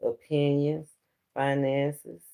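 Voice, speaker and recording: A man's voice: fairly high pitch, completely flat delivery, very slow, vocal fry, warm tone, clean tone. A man giving a casual spiritual tarot reading, talking straight to his viewers in a preachy way and laughing often between points. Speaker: tarot reader.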